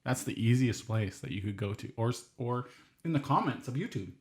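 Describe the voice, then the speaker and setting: A man's voice: medium pitch, lively intonation, fairly quick, darkish tone. A man co-hosting a podcast, talking about movies in a laid-back, hesitant way. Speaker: podcast co-host. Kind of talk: casual movie review chat. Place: shared room, filmed.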